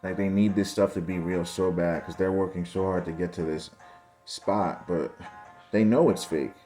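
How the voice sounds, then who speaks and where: A man's voice: low-pitched, fairly even intonation, moderate pace, warm tone, faint music behind. A young man giving casual video commentary over game footage, ranting in exasperation and calling his viewers guys and bro. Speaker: football commentary channel host.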